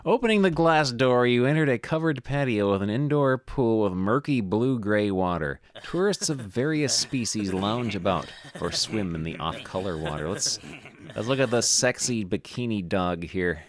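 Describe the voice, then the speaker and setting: A man's voice: on the low side, expressive, normal speed. A man streaming a video game, reading the on-screen text aloud with jokey, sarcastic asides.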